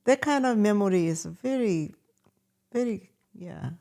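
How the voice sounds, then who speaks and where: Older Korean-accented woman guest, native Korean speaker, halting and searching for words, gravelly texture. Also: mid-range voice, lively intonation, warm tone. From South Korea. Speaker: guest, host's mother. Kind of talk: candid conversation.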